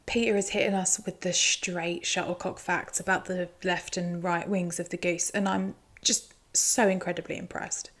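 A woman's voice: on the low side, level tone, normal speed, few pauses. A woman giving a chatty, teasing recap commentary. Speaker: show recap host.

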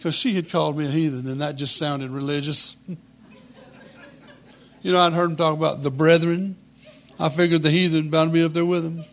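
A man tells a humorous story from his boyhood in a folksy, deadpan manner. His voice sits a bit high with a gravelly, fry-laden texture. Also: a little fast, long pauses.

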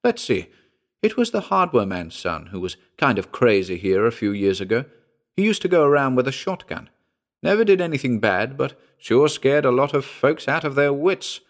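A man's voice: mid-range voice, sing-song, moderate pace, pitched above the performer's own voice. A man voicing a curious, chatty old village woman in a spoken story. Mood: gossipy. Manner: chatty, folksy.

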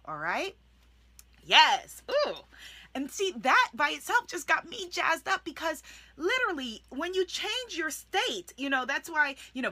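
Recording a video for her online channel, a woman life coach speaks to camera with animated enthusiasm, acting out her affirmations in a soft, demonstrative way. Her voice is high, with no echo in the recording.

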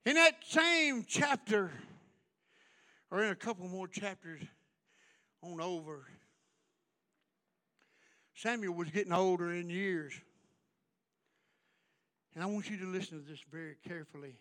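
A man preaching a fiery revival sermon, building into shouted, repeated runs in a church. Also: sits high, animated, measured pace, pauses often. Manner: preaching in rising shouted runs, repetitive cadence. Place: church sanctuary.

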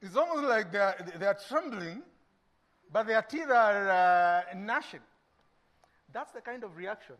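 A Kenyan man preaching a sermon, who acts out little dialogues and swings between loud bursts and hushed lines. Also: high-pitched, expressive, measured pace. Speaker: pastor.

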